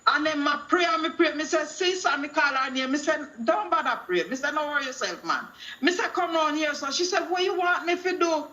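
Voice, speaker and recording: A woman's voice: high-pitched, expressive, fairly quick, bright, forceful tone, highs cut off. A middle-aged woman with a Jamaican accent, calling in to a talk show with a preachy testimony that quotes scripture and acts out dialogue in patois. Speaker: caller.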